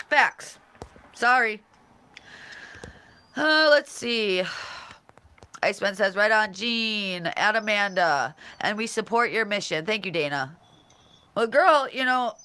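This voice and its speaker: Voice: medium pitch, bright, forceful tone. Profane, combative livestream host. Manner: talks back to chat comments directly. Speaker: livestream host reading chat. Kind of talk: casual solo livestream chat.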